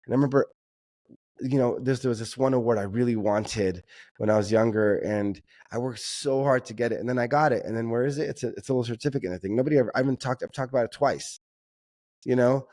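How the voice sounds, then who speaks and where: A man's voice: medium pitch, fairly quick, darkish tone, no echo, studio quality. A man speaking earnestly and reflectively as an interview guest, often repeating himself as he works through his thoughts.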